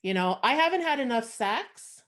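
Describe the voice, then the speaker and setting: A woman's voice: on the high side, sing-song, moderate pace, a bit bright. Frank Canadian woman doing stand-up. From Montreal, Canada. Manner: frank, sardonic, conversational with many fillers. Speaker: stand-up comedian. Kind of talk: stand-up comedy set over video call. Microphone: video call.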